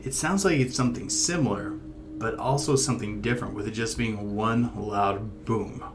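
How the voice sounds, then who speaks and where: A man co-hosting a paranormal discussion show, explaining things in a measured, thoughtful way. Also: fairly low pitch, over music. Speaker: paranormal podcast co-host. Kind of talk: casual discussion.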